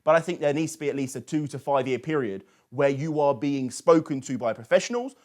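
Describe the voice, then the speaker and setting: A man's voice: mid-range voice, brisk, a little mellow. A man hosting a political talk show, asking long questions with frequent restarts. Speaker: host.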